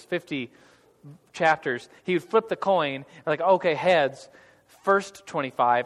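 A man's voice: a little high, fairly bright tone, long reverb tail. A man leading an interactive church group class, talking casually and jokingly with many restarts. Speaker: Bible class leader. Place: large hall with tables of listeners.

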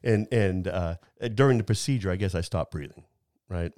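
A man in his fifties with a lowish voice tells a personal story in casual chat. He rambles, restarts his sentences and laughs at himself. The sound is dry and close to the mic. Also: moderate pace, a little mellow, no room sound. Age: 50s.

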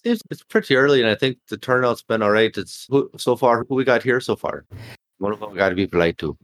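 A man's voice: mid-range voice, animated, quick pace, fairly bright tone, no echo. A man playing a tabletop game, partly in character, with wry joking asides. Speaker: player.

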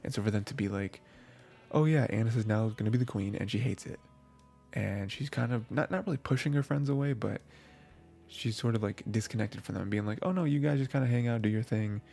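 A man's voice: on the low side, a little fast, vocal fry, warm tone, soft background music. A man giving a casual, rambling review of anime episodes, full of fillers and restarts.

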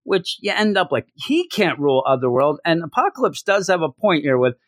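A man talks through a comic storyline in a loose, joking way, now and then slipping into quick impressions of the characters. His voice sits a little high and swoops widely in pitch. The sound is dry and close, with no room around it. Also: dry recording. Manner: animated, jokey, acts out characters in quick voices. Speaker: comic book reviewer. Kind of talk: casual solo review chat.

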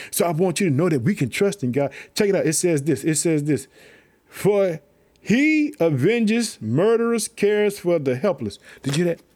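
A man preaching an excited devotional message, calling listeners family and repeating catchphrases as he reads scripture. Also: on the high side, breathy edge. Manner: hyped, repeats "let me tell you something" and "guess what", calls listeners family.

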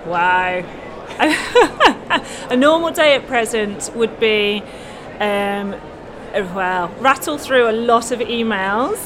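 A woman's voice: fairly high pitch, expressive, slow, crowd noise. Chatty woman lecturer, giggly. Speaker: university lecturer and guest. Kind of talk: conversational interview.

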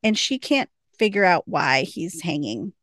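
A woman's voice: fairly low pitch, very animated, unhurried, fairly bright tone, no room sound, studio quality. A woman casually recapping a TV episode on a podcast, chatty and laughing often as she quotes the characters. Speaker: podcast co-host.

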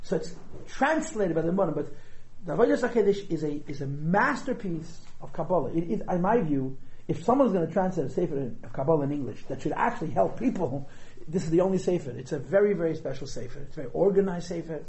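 A man teaching a Chassidus class to regulars, lively and thinking aloud as he explains, stressing key words. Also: a little high, fast. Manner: thinks aloud, hedges and restarts often. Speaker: Torah teacher. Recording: echoey room.

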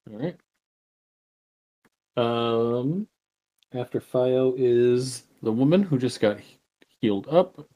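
Man, game master, low voice, slow measured delivery, calm rule explanations. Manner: measured, explains rules with fillers. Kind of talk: running a tabletop game.

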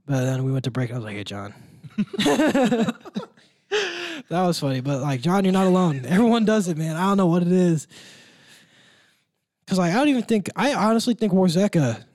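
A young man talks sports in a loose, rambling way, slipping into good-natured rants. His voice sits a bit high for a man. The sound is close and dry. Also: expressive, fairly quick, long pauses, a little mellow, no echo. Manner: chatty, rambling, ranting with a laugh. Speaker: student sports broadcaster. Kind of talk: casual sports chat.

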